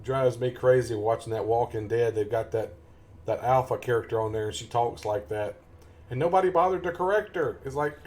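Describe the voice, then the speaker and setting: A man's voice: mid-range voice, fairly quick, a little mellow. Folksy man, casual streamer talk. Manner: folksy, rambling, chuckles often. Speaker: gaming live streamer. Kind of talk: casual chat over gameplay.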